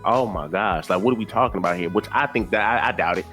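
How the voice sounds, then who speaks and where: A man's voice: lowish voice, fast talker, fairly bright tone, faint music behind. Blunt man doing reaction commentary. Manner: blunt, repetitive, preachy slang-filled talk. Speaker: commentary channel host.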